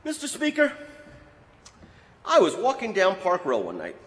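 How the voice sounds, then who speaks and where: Man doing a sly quick-witted politician, high lively voice, brisk deadpan delivery, long hall reverb. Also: heavily acted. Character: quick-witted male politician telling an absurd story.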